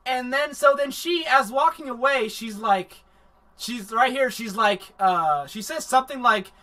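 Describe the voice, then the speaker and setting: A man hosting a livestream anime review, recapping the plot in a rambling, profane, animated way. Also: extremely high pitch, a little slow.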